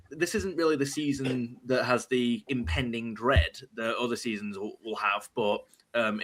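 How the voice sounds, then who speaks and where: A man's voice: mid-range voice, a bit bright. A man chatting casually as a podcast panelist, hesitant, with many ums and restarts. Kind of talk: casual chat.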